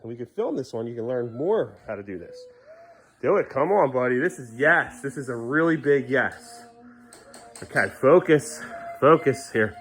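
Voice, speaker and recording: Man, parent vlogger at home; lively, swooping pitch; coaxes toddlers, drops low asides to camera. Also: normal speed, soft background music. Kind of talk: casual home vlog. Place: home bathroom.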